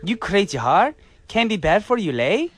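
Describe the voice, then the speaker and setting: A man's voice: sits high, very animated, normal speed, faint music behind. A man voicing a hungry guy who goes sugar-crazy, in a put-on Singlish accent for a comic radio skit. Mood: hammy. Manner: playful, hammy, laughing, singsong. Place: radio studio.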